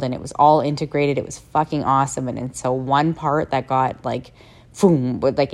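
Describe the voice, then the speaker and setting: Young woman podcaster, very low voice with vocal fry, open and rambling, swears casually. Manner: candid, rambling, swears freely. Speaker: podcast host. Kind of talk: personal reflective monologue.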